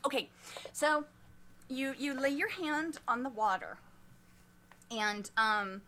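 A woman narrating as game master of a tabletop game, describing scenes in an animated storytelling way. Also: high voice, takes it slowly, slight background noise.

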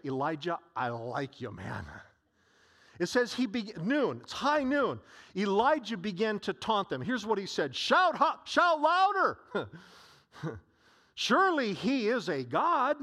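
A male pastor preaching a sermon, telling a story in an animated way with frequent restarts. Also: high voice.

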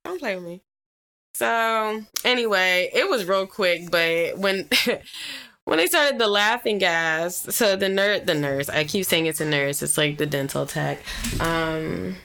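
A woman's voice: lowish voice, a little slow, bright, forceful tone. A young woman with a Philadelphia accent telling a long story in casual chat, acting out voices and laughing often.

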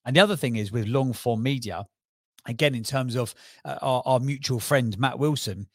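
A man with a Cockney accent, talking as a guest on a podcast interview, enthusiastic and persuasive with quick restarts. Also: mid-range voice, no room sound, clean studio sound. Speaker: podcast guest, brand strategist.

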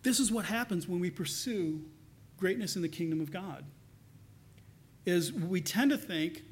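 A man with a high, light voice preaching a sermon. He is earnest, pressing some points loudly and dropping to a near hush on others. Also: animated, unhurried, long pauses, breathy edge. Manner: earnest, swings between loud emphasis and soft hushed lines. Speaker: pastor.

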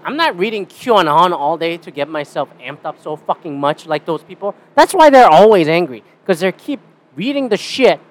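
A young Canadian man hosting a casual solo podcast, rambling and swearing with a sarcastic edge. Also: on the high side. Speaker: podcast host.

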